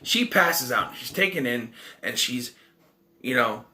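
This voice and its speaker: This film reviewer has a medium-pitched, sharp voice that is animated yet a bit slow. He talks through a film's plot in a rambling, casual way, stopping to correct himself and slip in wry asides.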